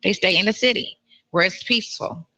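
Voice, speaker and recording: A woman's voice: medium pitch, brisk, pushed and bright, breathy edge. A woman on a phone call, outspoken and supportive, swearing freely. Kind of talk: casual phone conversation.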